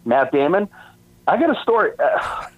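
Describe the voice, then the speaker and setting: A man's voice: a little high, very animated, normal speed, dry recording. A man from Boston calling in to a radio show, tipsy and laid-back in casual chat. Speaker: caller. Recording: dull lo-fi phone line.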